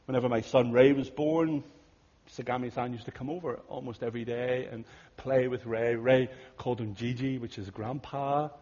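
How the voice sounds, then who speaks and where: A man telling a story in a sermon, earnest and conversational, often dropping to hushed tones, with a husky voice. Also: mid-range voice, steady tone, moderate pace. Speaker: pastor. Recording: dull audio in a big reverberant hall.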